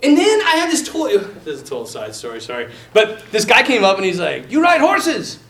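A lively male priest chats to a group, his pitch swinging widely as he laughs and acts out each scene. His voice comes from some distance in an echoing hall. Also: quick pace. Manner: animated, laughs often, acts out quotes. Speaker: Catholic priest speaking to a group. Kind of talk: casual talk with a story. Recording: roomy hall, distant mic.

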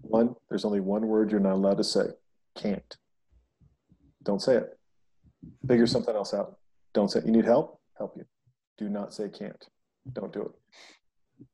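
A man with a low, husky, mellow voice, chatting casually on a podcast. He tells lively anecdotes and slips into quoted voices as he goes. The tone stays relaxed and conversational. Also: moderate pace, pauses often. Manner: animated storyteller, acts out quoted voices.

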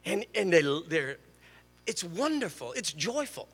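A man's voice: sits high, a little slow, creaky, husky, long reverb tail. An older man preaching a sermon in a church, telling stories and joking with the congregation. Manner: storytelling, animated, jokes with the congregation. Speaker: guest preacher. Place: church sanctuary.

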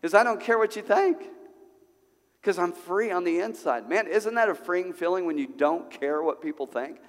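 A male pastor preaching a sermon at a church service, conversational and animated, full of rhetorical questions. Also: high-pitched, normal speed. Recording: long hall reverb.

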